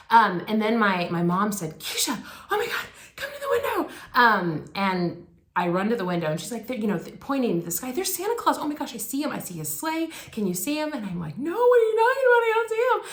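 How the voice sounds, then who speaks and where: A woman's voice: lowish voice, a bit bright. Chatty woman preacher in echoey hall. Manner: conversational, many fillers and restarts. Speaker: guest speaker. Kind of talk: personal storytelling sermon. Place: church.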